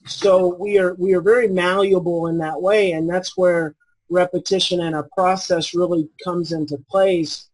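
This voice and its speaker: A man in his forties, a parenting expert guest, explaining in a calm, earnest way and repeating his key phrases. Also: high voice, normal speed, rough recording. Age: 40s. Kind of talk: conversational explaining.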